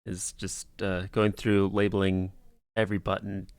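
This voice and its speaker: A man's voice: deep voice, level tone, moderate pace, a little mellow, clean tone, no room sound. A young man hosting a casual livestream podcast, rambling and laughing often. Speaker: podcast host.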